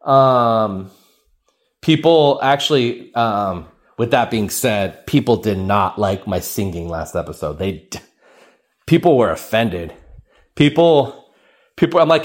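A young man with a lowish voice and a measured pace hosts his own solo comedy podcast on a cheap mic. He rambles through funny stories, mocks himself, and acts out what people said with lots of animation.

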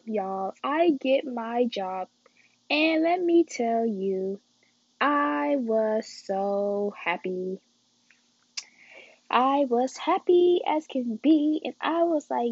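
Chatty teenage girl, husky, lo-fi. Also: a little high, expressive, very slow, a little mellow, no echo. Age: teens. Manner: chatty, keeps addressing viewers as y'all and guys. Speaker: vlogger telling a story. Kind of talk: casual storytime vlog.

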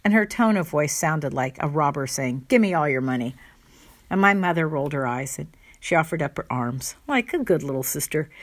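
A woman telling a personal family anecdote with wry, fond humor and playful asides. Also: deep voice. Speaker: storyteller.

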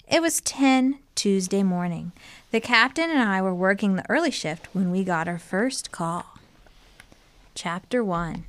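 Brief: woman narrator for a kids' detective storybook, mid pitch, dry close sound. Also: fairly bright tone, no room sound. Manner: punny hard-boiled detective narration. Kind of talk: storybook read-aloud.

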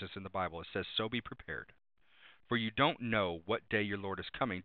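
A man's voice: fairly low pitch, dry recording. A man preaching a sermon, speaking emphatically, repeating refrains and citing Bible verses by chapter and number. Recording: tinny phone-like dry sound.

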